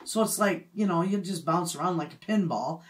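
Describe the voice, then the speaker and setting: A woman's voice: on the low side, moderate pace. A middle-aged woman, chatting casually as a homestead vlogger and telling a story with frequent laughs. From Michigan, USA. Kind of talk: casual chat.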